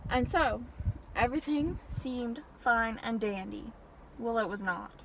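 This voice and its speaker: A young woman telling an animated, exasperated story-time rant from her parked car. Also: a little high, a little slow, background noise. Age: young adult. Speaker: vlogger.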